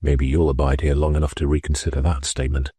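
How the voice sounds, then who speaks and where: A man reading an audiobook, voicing a gentle, polite male revolutionary who speaks low and quietly with a foreign accent. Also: brisk, breathy edge, no echo, studio quality. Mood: quiet, firm. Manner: low, quiet, soft-spoken.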